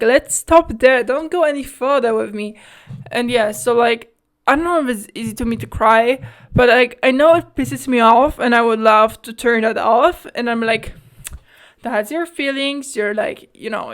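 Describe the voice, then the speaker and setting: A woman's voice: on the high side, clean tone. A young adult woman hosting a casual solo podcast, rambling candidly, swearing freely and filling her talk with "like". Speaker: podcast host.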